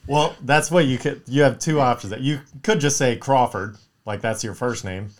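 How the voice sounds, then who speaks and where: A man's voice: mid-range voice, normal speed, a crowd in the background. A man co-hosting a casual podcast chat, joking, swearing a lot and acting out the people he quotes.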